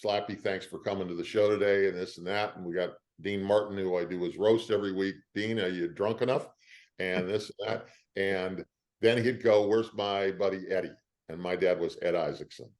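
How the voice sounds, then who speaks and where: An older man, an actor, telling stories in an interview with a lively, emotional delivery. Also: sits low, moderate pace. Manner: lively storyteller, emotional at times. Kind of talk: animated anecdotes.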